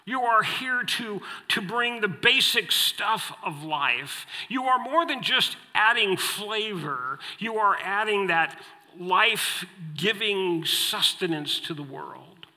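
A male pastor delivers a sermon in a bright, high voice, unhurried and emphatic as he drives home repeated phrases. His words ring out with a long reverb from the church sanctuary. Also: animated.

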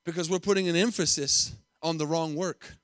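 A man with a fairly high voice preaches a sermon from the pulpit. He speaks emphatically, repeating phrases and firing rhetorical questions at his listeners. The sound is dry and close, with no room echo. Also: steady tone, moderate pace, a bit bright. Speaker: pastor.

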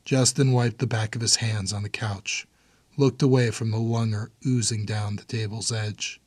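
Low husky male narrator, dry sound. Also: fairly even intonation, moderate pace, dry recording. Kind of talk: scripted audiobook narration.

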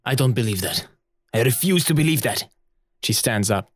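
A man playing a tabletop game, talking in a relaxed, casual way. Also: mid-range voice, normal speed. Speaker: player. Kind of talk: tabletop role-play.

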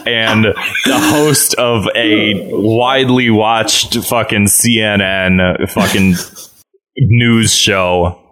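A man's voice: lowish voice, steady tone, extremely slow, fairly bright tone. A man co-hosting a podcast, chatting casually in a mocking, exasperated way. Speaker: podcast co-host. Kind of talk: casual profane commentary.

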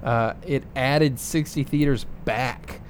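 A podcast co-host reads through box office numbers in a casual chat, filling his speech with plenty of ums and uhs. His voice is mid-range and slow, with slight background noise.

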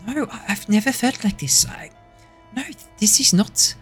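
A man voicing a frightened young woman with a South African accent, halting and insistent in her denials. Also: high-pitched, faint music behind, voice pushed up, lightly acted.

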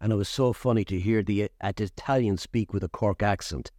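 A man's voice: lowish voice, a little fast, a little mellow, dry recording, clean studio sound. A man hosting a podcast who asks questions in a chatty way with frequent restarts. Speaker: podcast host. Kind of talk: casual interview chat.

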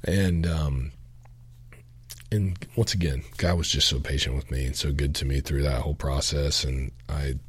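Young adult man, podcast guest; very low husky voice, earnest and halting, dry close mic. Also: fairly even intonation, no echo. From Augusta, Georgia, US. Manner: earnest, halting, many fillers and restarts. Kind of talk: candid testimony.

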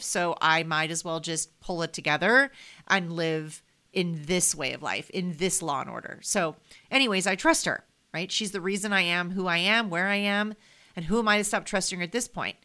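A woman's voice: fairly low pitch, sharp tone. A woman hosting a podcast, talking in a casual, heartfelt way with lots of fillers. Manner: chatty and heartfelt, many fillers. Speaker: podcast host. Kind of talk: casual solo podcast monologue.

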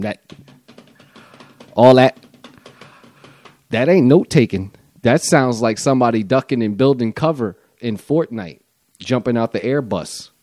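Loose, rambling man with a dark voice. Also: sits low, no echo. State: high on mushrooms. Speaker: podcast host. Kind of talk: rambling comedic monologue.

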